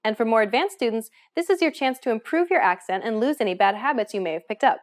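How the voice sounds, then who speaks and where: Woman, language lesson host, upbeat and encouraging, lively pitch, fairly high voice. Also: fast. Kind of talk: scripted lesson narration.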